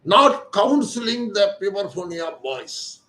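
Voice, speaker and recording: An older man with an Indian English accent, an ENT surgeon giving a slow, deliberate talk that repeats its key words. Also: high-pitched, very animated, a bit bright, echoey room, rough recording. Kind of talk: lecture-style explanation.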